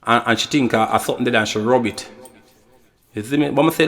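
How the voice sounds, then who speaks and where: A man with a Jamaican accent tells a loose, wandering story in the studio, leaning again and again on the same little tag phrases. His voice sits at an ordinary middle pitch, and the recording carries a long, hanging reverb behind every word. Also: quick pace, fairly bright tone. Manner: rambling, repeats "you know" and "you see me". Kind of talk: casual anecdote telling.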